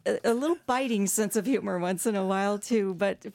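A woman's voice: medium pitch, a little fast, gravelly, no echo. A middle-aged woman, an author, talking earnestly as a guest in a radio interview with frequent hesitations. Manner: warm, earnest storytelling with hesitations.

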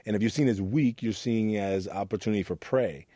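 A man from Oakland, a youth mentor, telling his story in an interview with earnest warmth and acting out the voices in it. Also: lowish voice, brisk, slightly rough, no echo, studio quality. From Oakland, California. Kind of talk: reflective interview talk.

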